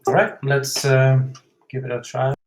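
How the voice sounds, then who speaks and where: A man's voice: medium pitch, steady tone, unhurried. A man in a game voice chat, hesitant and unsure, full of fillers as he suggests positions. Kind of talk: casual voice chat strategy talk.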